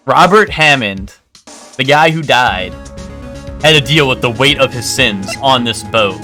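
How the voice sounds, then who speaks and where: A man's voice: mid-range voice, a little slow, over music. A man streaming a game live, reading its dialogue aloud and rambling to his chat. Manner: rambling, animated, scolds chat.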